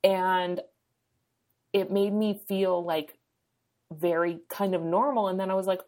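A woman in her thirties, a guest on a podcast, talking in a halting, reflective way with many fillers. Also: lowish voice, fairly even intonation, a little mellow. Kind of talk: casual conversation.

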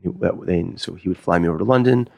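Male sommelier, interview storyteller, lively and chatty, recorded dry with no room sound. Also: low voice, quick pace, vocal fry, no room sound. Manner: animated, acts out quoted dialogue. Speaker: sommelier and wine consultant.

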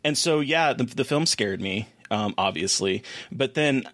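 A man in his forties co-hosting a podcast, talking in a wry, expressive, casual way. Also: mid-range voice, a little slow, no room sound. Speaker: podcast co-host.

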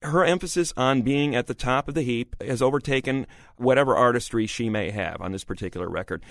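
A man co-hosting a radio music review show, talking in an opinionated, emphatic way with quick restarts. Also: medium pitch, dry recording. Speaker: music critic co-host. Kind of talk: casual radio review chat.

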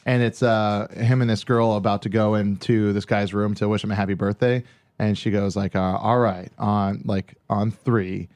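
A man's voice: fairly low pitch, normal speed. A man in casual comedic chat, rambling and profane as he tells stories. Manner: rambling, profane, animated storytelling.

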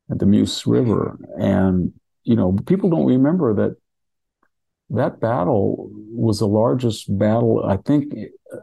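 A man's voice: on the low side, creaky, mellow, breathy edge. An older man from California talking through history in a rambling, casual way, with many restarts and asides. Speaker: podcast host discussing history.

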